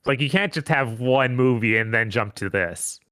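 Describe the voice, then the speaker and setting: A man co-hosting a podcast in casual chat, quick and expressive in his reactions. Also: mid-range voice. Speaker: podcast co-host.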